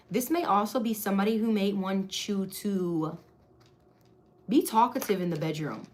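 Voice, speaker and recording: A woman's voice: medium pitch, slight background noise. A woman, giving a casual, chatty tarot reading to camera with lots of slang and giggling. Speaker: tarot reader.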